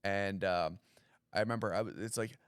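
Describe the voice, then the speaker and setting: A man with a lowish, smooth, resonant voice chats casually as a comedy podcast guest. He rambles and mocks himself with deadpan asides, sprinkling in plenty of "like." The sound is close and dry. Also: moderate pace, dry recording. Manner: heavy use of "like" fillers.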